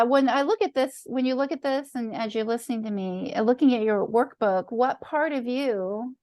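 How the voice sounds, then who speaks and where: A woman's voice: mid-range voice, creaky, darkish tone, dry recording, studio quality. A middle-aged woman teaching an online master class as a coach, talking earnestly and checking in with "right?" often. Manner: earnest, affirming, frequent "right?" check-ins.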